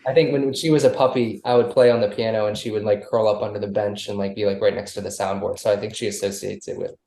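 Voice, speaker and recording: A man's voice: lowish voice, fairly even intonation, fast talker, mellow. A man guesting on a casual podcast, loose and rambling with many restarts. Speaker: musician guest. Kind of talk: casual interview chat. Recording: roomy echo.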